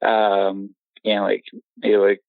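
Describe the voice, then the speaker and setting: A young man tells his own story in a rambling, halting way, full of restarts and nervous laughs. His voice sits low and gravelly. He comes through a tinny phone line with a dry, close sound. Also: monotone, dry recording. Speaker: caller telling his own encounter story. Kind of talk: casual storytelling.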